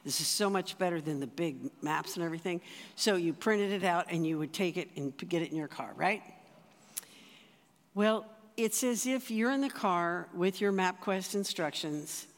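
A church teacher gives sermon teaching in an easy, conversational manner. The teacher asks the room rhetorical questions. The voice sits at a middle pitch, and the hall adds a long reverb. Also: normal speed. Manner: conversational, with rhetorical asides to the audience.

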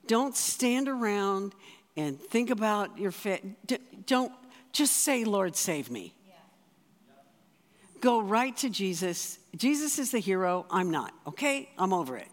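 An earnest speaker preaching in a relaxed, conversational way, stumbling and restarting phrases as ideas come. The voice sits in a middling pitch. A long reverb trails each phrase, as in a large church. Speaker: spiritual director giving a talk. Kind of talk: sermon.

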